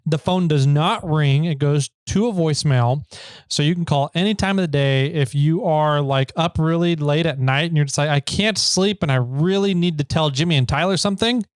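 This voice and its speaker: Guy cohosting a podcast, jokey and chatty, kinda high voice, dry close mic. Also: normal speed, smooth, no room sound. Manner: joking, chatty. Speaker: podcast co-host. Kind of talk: casual podcast chat.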